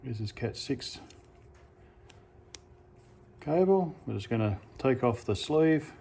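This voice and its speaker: Easygoing Australian man, slow how-to talker, mid pitch, corrects himself as he goes. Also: vocal fry, a little hiss or hum. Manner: relaxed, unhurried, self-correcting with "uh" and "sorry, correction". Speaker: amateur radio hobbyist. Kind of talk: casual how-to demonstration.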